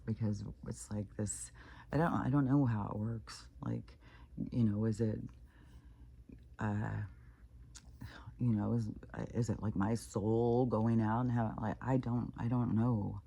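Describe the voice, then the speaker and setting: A woman's voice: very deep voice, fairly even intonation, a little slow, vocal fry, pauses often, mellow, husky. A woman vlogger talking in a casual, rambling monologue, full of fillers and the odd swear word. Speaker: spiritual vlogger.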